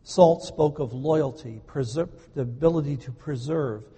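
A man preaching a sermon as a pastor, earnest, slowing down to stress key words. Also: a little high, warm tone, breathy edge. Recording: long hall reverb.

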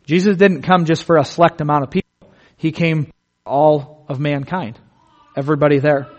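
A man preaching a sermon in an earnest, vivid way, slowing down on key words. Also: fairly high pitch, steady tone. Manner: earnest, vivid, slows down for emphasis.

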